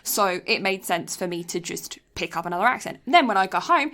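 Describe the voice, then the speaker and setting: A woman's voice: mid-range voice, animated, brisk, fairly bright tone. A woman from England with an English accent tinged with Canadian, chatting casually as a podcast co-host and rambling with many asides. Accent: English, mixed with Canadian.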